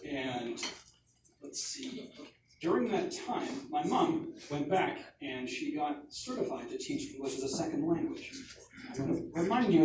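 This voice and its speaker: A man in his forties telling stand-up stories in a loose, rambling, self-mocking way. His voice sits a bit high for a man. He's picked up from a distance in a very echoey space with plenty of noise around. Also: big pitch swings, unhurried. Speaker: comedian. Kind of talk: stand-up comedy.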